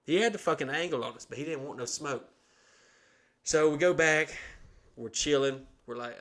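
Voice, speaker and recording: This Alabama podcast host has a slightly high voice, speaks at normal speed, and pauses often. Spinning a long, profanity-laced yarn, he brings the story to life by performing the voices of its characters.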